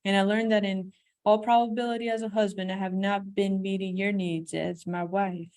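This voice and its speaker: A woman's voice: medium pitch, fairly even intonation, a little slow, close to an everyday voice. A woman voicing a husband in a scenario read from a self-help book, speaking in her own voice. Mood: gentle. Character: blustering husband, grown man, demanding.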